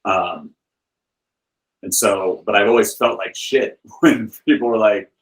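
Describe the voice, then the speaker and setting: A man guest on a podcast, telling stories in a rambling, animated way with many "like"s and "you know"s. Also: lowish voice, unhurried, low-quality recording. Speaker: guest, film director and author. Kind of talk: casual podcast interview.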